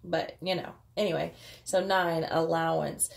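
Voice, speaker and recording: Woman, tarot reader, casual reading, chatty, lots of fillers, lowish voice. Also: steady tone, measured pace. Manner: chatty and offhand, with frequent fillers.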